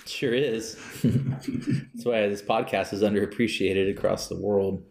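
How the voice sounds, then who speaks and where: A man's voice: fairly low pitch, steady tone, unhurried, gravelly, darkish tone. A young man co-hosting a casual podcast, rambling and laughing often as he spins theories. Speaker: podcast co-host. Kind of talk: casual chat. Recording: roomy echo.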